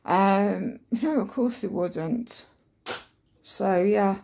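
A woman's voice: medium pitch, extremely slow, vocal fry, warm tone. A woman talking casually to camera in a home vlog, frustrated and ranting, swearing freely and rambling with lots of fillers. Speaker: vlogger.

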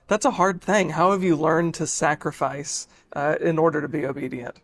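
A man hosting an interview, reflective and a little halting as he asks his questions. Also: fairly high pitch, fairly even intonation, fairly bright tone. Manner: reflective, with short backchannels. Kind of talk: casual conversation.

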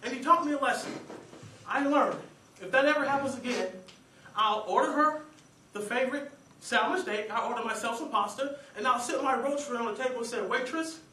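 A young man giving a humorous contest speech, acting out scenes with lively energy. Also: extremely high pitch, fairly quick, slight background noise. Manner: animated, acts out scenes and voices. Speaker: contest speaker. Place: meeting hall stage. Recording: echoey hall, distant mic. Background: audience laughter.

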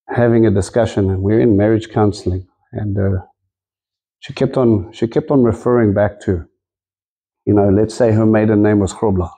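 A man's voice: lowish voice, gravelly, mellow. A man preaching a sermon in a conversational, storytelling way, acting out the quotes in his stories.

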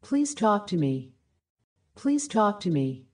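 Woman, careful language-course reader, repeats each phrase, mellow voice. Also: mid-range voice, big pitch swings, slow. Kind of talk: slow repeated phrase reading for learners.

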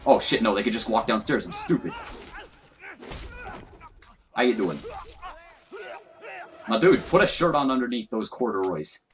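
This young gaming YouTuber narrates a let's play with casual profanity and jokes at his own expense. His lowish voice is expressive, at normal speed, with frequent pauses.

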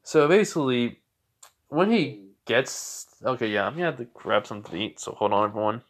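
A man's voice: medium pitch, lively intonation, a little fast. A young man casually telling a fan story, rambling with many fillers and corrections.

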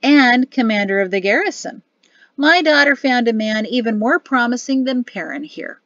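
Woman narrator voicing a boastful older male general, booming, teasing, loud, muffled dry audio. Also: lively intonation, normal speed, no room sound. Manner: booming, barking laughter.

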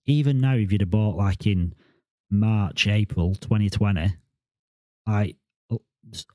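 A man's voice: lowish voice, a little slow, mellow, dry recording. A man, talking to camera in a casual, rambling vlog monologue and often repeating words and restarting his sentences. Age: 40s. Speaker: crypto vlogger.

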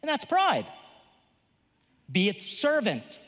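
A man, a Catholic priest, giving a lively conference talk with jokes and a teaching tone. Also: extremely high pitch, slow. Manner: animated, joking, teaching tone. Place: large conference hall. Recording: long reverb of a large hall.

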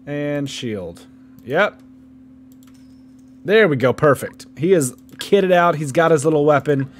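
A man's voice: a little high, lively intonation, slow. A man casually commentating his own gameplay, joking and reacting playfully. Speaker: gaming YouTuber. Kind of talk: casual let's-play commentary.

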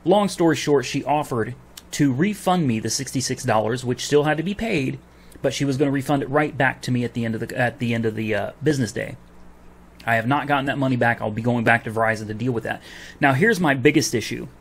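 A man's voice: mid-range voice, fast talker. A man venting to camera about a phone refund, heated and swearing as he retells his argument with a store clerk. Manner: heated, swears, recounts dialogue. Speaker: vlogger. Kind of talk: angry customer rant to camera.

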